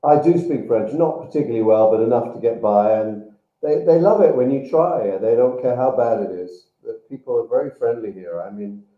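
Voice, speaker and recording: An older man, an actor guest, chatting easily in an interview with halting restarts and fillers. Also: medium pitch. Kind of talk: casual interview chat. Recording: tinny phone line, roomy echo.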